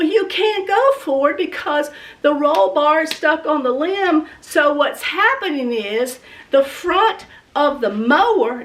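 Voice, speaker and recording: High-voiced woman telling a dramatic story. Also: fairly bright tone, far from the mic. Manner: dramatic, acts out scenes, talks to viewers. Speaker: vlogger. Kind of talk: animated storytelling vlog.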